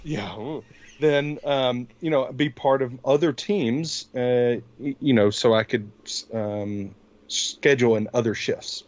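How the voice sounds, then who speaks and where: A man's voice: medium pitch, takes it slowly. A man co-hosting a tech podcast, talking casually with many fillers and restarts. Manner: hesitant, filler-heavy. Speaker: podcast co-host. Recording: dull, dry sound.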